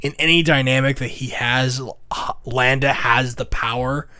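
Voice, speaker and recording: A man's voice: mid-range voice, steady tone, moderate pace, sharp tone, clean tone. A young man co-hosting a casual movie review chat, eagerly retelling the plot. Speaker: podcast co-host.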